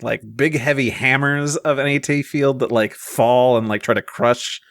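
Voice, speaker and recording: A man co-hosting a podcast, chatty and loose, with lots of "like" and quick asides. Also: mid-range voice, steady tone, fairly bright tone, dry recording, studio quality. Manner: chatty, laughing asides, filler "like". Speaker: podcast co-host. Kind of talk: casual podcast chat.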